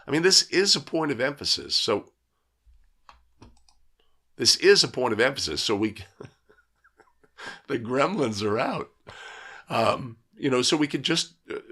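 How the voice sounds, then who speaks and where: A man running a live teaching session for basketball referees. His pitch moves around a lot as he talks, and his speech is chatty and lively. He often checks in with his listeners and answers their comments. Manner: conversational, keeps asking "right?"; reads out and answers viewers' comments. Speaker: basketball officiating instructor. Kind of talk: live video breakdown lesson.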